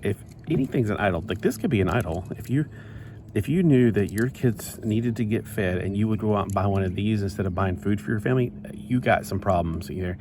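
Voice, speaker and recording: A deep-voiced man, his pitch very low, chats in a rambling, self-interrupting way at a fairly quick pace as he assembles a toy set. Constant background noise persists the whole time.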